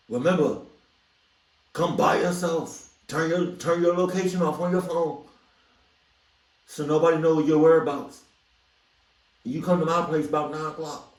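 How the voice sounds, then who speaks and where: A man voicing a sleazy fake-French male photographer with a mock French accent and wheedling, drawn-out sweet talk. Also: mid-range voice, creaky, roomy sound, recorded from a distance.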